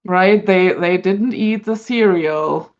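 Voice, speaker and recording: Low, slow-speaking woman, hesitant. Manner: thoughtful, hesitant with many ums. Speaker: panelist. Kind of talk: casual panel discussion. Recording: dull lo-fi stream audio.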